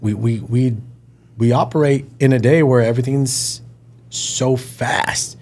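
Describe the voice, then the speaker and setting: Guy in his 30s just talking, relaxed, mid voice, plays out quotes of people on the phone. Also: mid-range voice, unhurried. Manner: relaxed, acts out little phone conversations in quotes. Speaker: restaurant owner, podcast guest. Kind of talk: casual chat.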